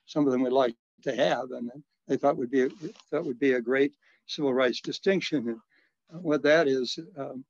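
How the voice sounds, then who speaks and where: An elderly man in his eighties, a retired priest, tells his stories with halting restarts and quiet chuckles. His voice sits at an ordinary pitch and comes across muffled and lo-fi, with no room echo at all. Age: 80s. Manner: halting storyteller, frequent restarts and soft chuckles. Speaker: retired Catholic priest and social worker. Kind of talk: reminiscing in an interview. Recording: dull, lo-fi, dry recording.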